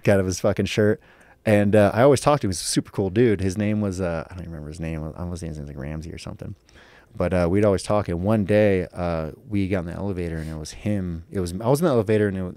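An American man, a guest and professional fighter, telling a profane, animated story in casual chat and acting out the people in it. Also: low voice, no echo. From United States.

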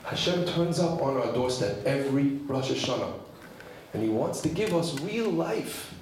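A rabbi giving an animated sermon, telling stories and asking rhetorical questions. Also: male voice, mid-range voice, moderate pace, slight background noise. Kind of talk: sermon with storytelling. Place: large hall at a women's gathering. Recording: echoey hall from far off.

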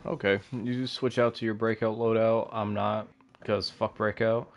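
A man's voice: fairly low pitch, flat delivery, moderate pace. A young man bantering crudely and laughing with a friend while they play a video game together over voice chat. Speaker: co-player. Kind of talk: casual gaming chat.

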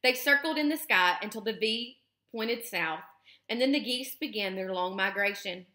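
A woman teacher reading a children's novel aloud in a clear, expressive storytelling manner. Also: mid-range voice, moderate pace. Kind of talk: children's book read-aloud. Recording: roomy echo.

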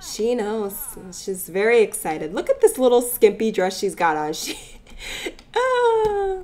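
Lively chatty woman gamer. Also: mid-range voice, normal speed. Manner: chatty, playful, voices the characters' chatter. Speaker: let's play gamer. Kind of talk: casual gameplay commentary.

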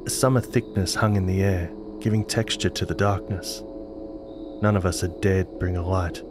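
A man narrating a scripted horror story in a measured, dramatic manner. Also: sits low, fairly even intonation, noisy background. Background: music.

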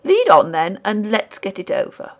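A woman voicing a brusque, irritable gentleman who answers with curt, sharp retorts. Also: mid-range voice, wildly swooping pitch, normal speed.

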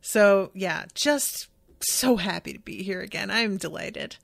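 Woman podcaster doing a chatty recap, excited, swears a lot, mid pitch, dry close mic. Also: a little slow, creaky, no echo. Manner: enthusiastic, swears freely, reads out chat comments. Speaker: podcast host. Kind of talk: casual episode recap chat.

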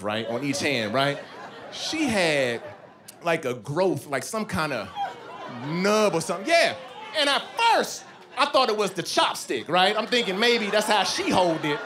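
A man's voice: sits high, big pitch swings, normal speed, a crowd in the background. A man in his thirties doing a stand-up comedy routine on a club stage, telling a story with voiced asides. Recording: club stage mic with audience noise.

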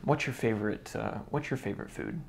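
A young man giving a relaxed, chatty Bible study talk, laughing lightly now and then. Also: lowish voice, brisk, creaky, a little hiss or hum. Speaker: Bible teacher. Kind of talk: casual Bible study video.

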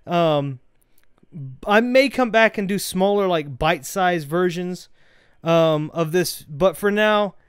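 Rambling, excitable young-sounding gamer guy. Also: high voice, slow, clear, resonant tone, no room sound, clean studio sound. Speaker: gameplay commentator. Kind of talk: casual let's-play commentary.

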